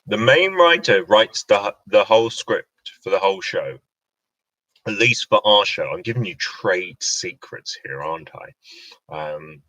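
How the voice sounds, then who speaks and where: A man's voice: lowish voice, lively intonation, measured pace, bright, forceful tone, no echo, recorded from a distance, low-quality recording. A British man, a radio host, chatting casually on a livestream and answering viewer questions with a joking, chatty manner. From Britain. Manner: chatty, joking, reads out comments.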